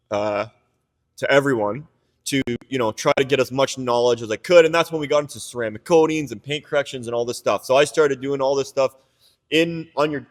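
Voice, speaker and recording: A young man from Canada talks through his story in loose podcast chat, circling back with restarts and frank swearing. His voice sits in an ordinary middle pitch. The sound carries a long, echoing room reverb. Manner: rambling, many "like"s and restarts, candid, swears. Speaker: business owner telling his story.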